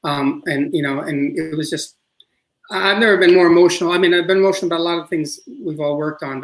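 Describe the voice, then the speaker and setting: A man's voice: on the high side, rough recording. A middle-aged man with a New York accent, a filmmaker talking casually in an interview, rambling with many restarts. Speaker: filmmaker guest.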